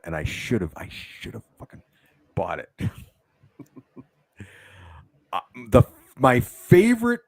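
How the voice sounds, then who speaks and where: Low-voiced, animated co-host man. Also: dry recording. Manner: animated, enthusiastic. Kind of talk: casual livestream chat.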